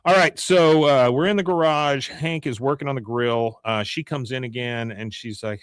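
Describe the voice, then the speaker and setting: A man's voice: mid-range voice, fairly even intonation, moderate pace, hardly any pauses, smooth, dry recording, studio quality. A man hosting a podcast, casually recapping an episode and quoting the characters in shifting voices. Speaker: podcast host.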